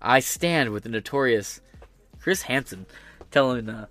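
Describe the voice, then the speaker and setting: An American podcast host reads headlines aloud and delivers blunt, profane, sarcastic political commentary. His medium-pitched, fairly bright voice has lively intonation and a measured pace, recorded dry.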